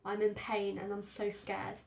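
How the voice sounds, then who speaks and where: A woman's voice: medium pitch, monotone, a little slow, vocal fry. A woman narrating a first-person story aloud in a tense, fearful telling. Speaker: audiobook reader. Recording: roomy echo.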